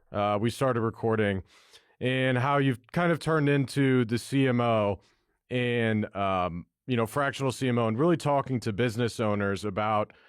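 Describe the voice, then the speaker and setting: A man's voice: mid-range voice, smooth, dry recording, clean studio sound. A man hosting a podcast in casual chat, brash and loose, with some swearing. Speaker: podcast host.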